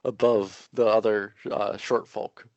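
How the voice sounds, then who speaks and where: A man's voice: on the low side, level tone, slow, a little mellow, highs cut off. Man narrating his character's moves. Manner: narrates his character's actions in third person. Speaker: player. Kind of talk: casual tabletop play.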